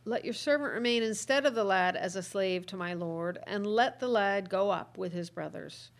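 A woman reading scripture aloud in a measured, earnest way. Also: medium pitch. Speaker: scripture reader.

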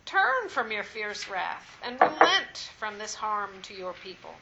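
A woman reading scripture aloud at a steady, measured pace in a Bible study. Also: mid-range voice, lo-fi sound, very noisy. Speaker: scripture reader.

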